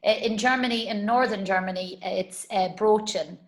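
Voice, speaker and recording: A woman's voice: medium pitch, moderate pace. Chatty middle-aged woman on a call. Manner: chatty, fillers like "you know". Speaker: guest. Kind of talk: casual interview chat.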